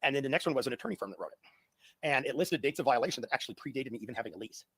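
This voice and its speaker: A man's voice: mid-range voice, expressive, very fast, breathy edge, no room sound. A middle-aged man telling a long story in a casual, rambling way, with restarts and laughs at his own tale. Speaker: guest.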